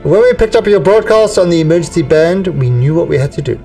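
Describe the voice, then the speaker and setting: A man reading as a calm mercenary officer. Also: on the high side, fast talker, distant mic, soft background music, close to an everyday voice. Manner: calm, reassuring briefing. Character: steady male mercenary executive officer.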